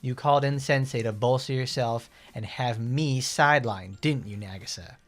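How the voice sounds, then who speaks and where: A man's voice: mid-range voice, normal speed, soft background music, lightly acted. A man reading the lines of an aloof, scheming teenage schoolgirl from a game story, in a cool, accusing way.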